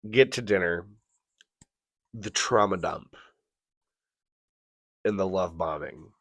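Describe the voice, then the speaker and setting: A man with a low voice recounts a bad date on a casual podcast, cursing freely and acting out each person's lines. The sound is dry and close to the mic. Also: slow pace, no echo. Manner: profane, animated storytelling with acted-out quotes. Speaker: podcast co-host. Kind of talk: casual storytelling.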